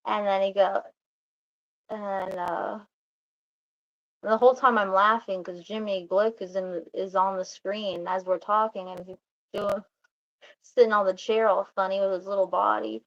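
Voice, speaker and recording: A woman's voice: medium pitch, fairly even intonation, fairly bright tone, muffled recording. A woman vlogger telling a rambling story in casual chat, restarting often and quoting what others said. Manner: rambling, restarts, quotes others in quick asides.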